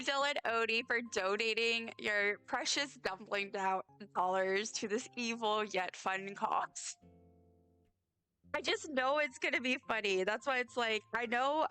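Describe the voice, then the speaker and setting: A tired woman streams a game and chats away, rambling and joking at her own expense. Her voice sits a little high and rings bright and smooth. Soft music plays underneath her. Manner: chatty, self-deprecating, rambling. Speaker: live streamer. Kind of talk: casual chat while playing a game.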